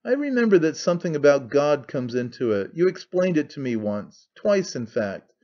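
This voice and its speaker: A sly, excitable young conspirator, read by a man in an audiobook, wheedling and pressing in a slightly raised voice. The recording sounds dull and lo-fi. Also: on the high side. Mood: persuasive. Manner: fast-talking, wheedling, sly. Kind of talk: audiobook character reading.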